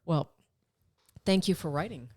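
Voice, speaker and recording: A podcast co-host from upstate New York chats in a mid-range voice, talking freely but often pausing on fillers mid-thought. The delivery is loose and conversational. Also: medium pitch, a little mellow. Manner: chatty, hesitant, with many fillers. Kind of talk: casual podcast chat.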